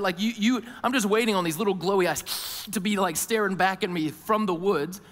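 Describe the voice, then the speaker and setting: A man preaching in a sermon voice a little higher than most men's. He tells his story in an animated way and acts out the other voices in it. His words ring with the long reverb of a big church hall. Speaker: pastor.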